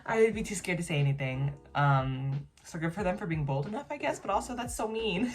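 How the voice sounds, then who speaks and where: A woman's voice: lowish voice, expressive, fairly quick, few pauses. A woman reading posts aloud and reacting to them in casual commentary, bluntly and with plenty of swearing. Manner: blunt, swears freely, laughs and reacts between read lines. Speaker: YouTuber reacting to online posts.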